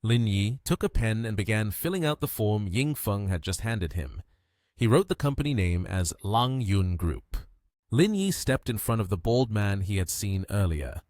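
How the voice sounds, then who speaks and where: A man's voice: fairly low pitch, sing-song, moderate pace, darkish tone, dry recording, studio quality. A man narrating a story recap in a scripted, storytelling way.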